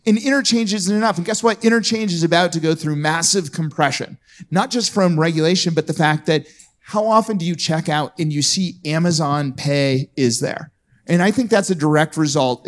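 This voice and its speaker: A man speaking bluntly and jokingly on a live podcast panel at a conference, throwing out provocative hot takes. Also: fairly high pitch.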